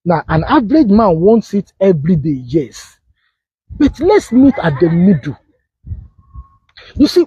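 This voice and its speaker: A man preaching a sermon on marriage, telling stories with quoted dialogue and sudden high exclamations. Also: mellow, slightly rough, dry recording, dull audio. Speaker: pastor.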